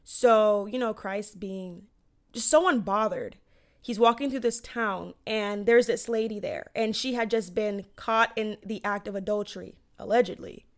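Young woman, mid-pitched, chatty vlogger retelling scripture casually. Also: unhurried. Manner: chatty, slangy, with lots of "like" and "you know". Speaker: vlogger retelling a Bible story. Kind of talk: casual storytelling.

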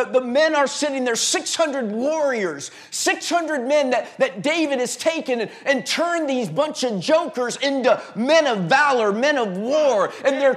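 A man preaching a sermon as pastor, impassioned and repetitive, with stammered restarts and sudden drops to a hush. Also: very high voice. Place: church.

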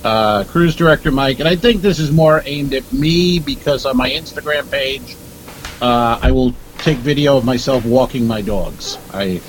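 A man's voice: mid-range voice, moderate pace, slight background noise, poor audio. A man co-hosting a comedy podcast, telling stories in a dry, rambling way with lots of asides. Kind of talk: casual comedic chat. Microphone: earpiece at a desk.

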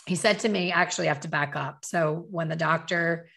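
A middle-aged woman tells a personal story with a slightly low voice. She is candid and emotional, and often corrects herself mid-sentence with quick asides. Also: vocal fry, fairly bright tone. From Philadelphia.

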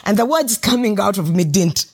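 A woman's voice: mid-range voice, normal speed, husky. A woman with a Ugandan English accent, a guest author telling stories with lots of laughter in a podcast interview. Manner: animated anecdotal telling, laughs often.

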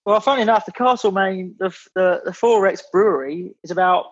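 A man's voice: high voice, brisk, breathy edge, muffled recording. A man from England, a podcast guest in casual chat, blunt and swearing, with many restarts as he grumbles.

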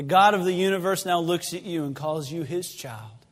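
High-voiced preacher in an echoing church. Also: male voice, moderate pace. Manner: swings from loud, fervent pleading to hushed, low-voiced storytelling. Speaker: pastor. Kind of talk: sermon. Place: church sanctuary. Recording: long reverb of a church sanctuary.

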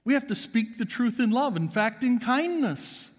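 A pastor delivering an emphatic sermon in a church, swinging between loud and hushed. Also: male voice, very high-pitched, animated, normal speed, big-room sound. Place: church sanctuary.

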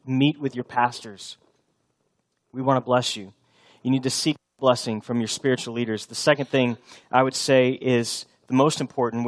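A man in his thirties preaching a sermon as pastor, earnest, repeating key lines for emphasis and dropping soft for tender passages. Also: medium pitch. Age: 30s.

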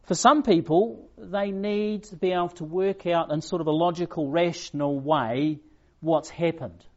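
A man preaching a sermon, retelling a story with slow, emphatic pauses and a gentle storytelling manner. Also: a little high, muffled recording.

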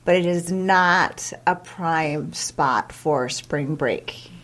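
A woman's voice: low voice, extremely slow, fairly bright tone. Talkative middle-aged woman co-host. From Kansas City area. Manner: talkative, rambling, joking. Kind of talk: casual chat.

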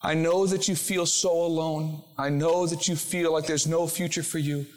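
A man delivers a sermon from the pulpit, his voice sitting a little higher than most. He shifts between quiet, slow reflection and rising, emphatic declarations as he preaches. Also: fairly even intonation, soft background music. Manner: rises from hushed, slow reflection to fervent, emphatic proclamation. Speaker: pastor.

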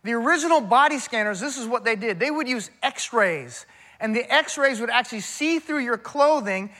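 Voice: medium pitch, animated, normal speed, sharp tone. A pastor preaching a sermon in a folksy, conversational way, talking straight to the congregation with emphatic repetition and rhetorical questions.

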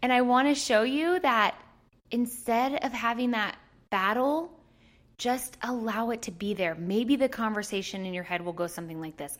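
A woman coaching in a casual, chatty way, playful and quick to laugh as she explains. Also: on the high side. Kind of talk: casual teaching to camera.

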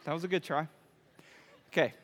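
A man preaching a playful sermon to a youth group, animated and constantly checking in with the room. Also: on the high side, a little fast, a faint crowd. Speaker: youth pastor. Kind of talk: playful sermon with audience demo. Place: church hall. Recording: echoey hall reverb.

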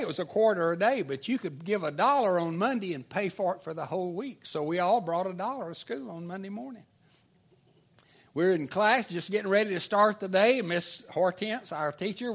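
An older man preaching, telling a folksy childhood story in an animated storytelling sermon style. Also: high-pitched.

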